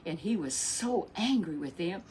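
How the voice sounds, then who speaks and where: A woman's voice: on the low side, animated, unhurried, a little mellow, slight background noise. A woman telling a children's Bible story in a chatty, repetitive, folksy way, with asides to a puppet.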